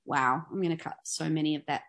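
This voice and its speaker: A woman co-hosting a podcast, chatting casually in an expressive, self-deprecating way. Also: low voice, quick pace. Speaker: podcast co-host. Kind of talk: casual chat.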